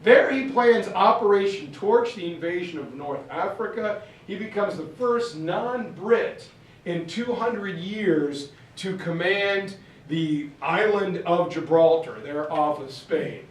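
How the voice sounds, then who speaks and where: A man's voice: high-pitched, lively intonation, takes it slowly. A man casually lecturing on history to a class, telling stories in a chatty way with fillers and asides. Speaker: history teacher. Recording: echoey room, mic far off.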